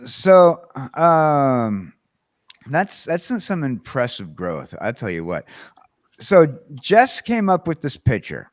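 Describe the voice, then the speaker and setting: A man's voice: mid-range voice, big pitch swings, slow pace, dry recording, studio quality. A man hosting a casual livestream chat, rambling with lots of fillers and restarts. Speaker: host.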